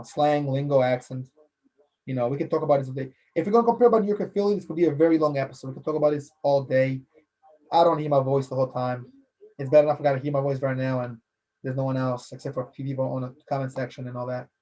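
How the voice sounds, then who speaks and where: Recorded with lo-fi sound, a man with a slightly high, darkish voice hosts his laid-back solo podcast out of Philadelphia. His talk drifts loosely, with repeated phrases and frequent "you know" fillers.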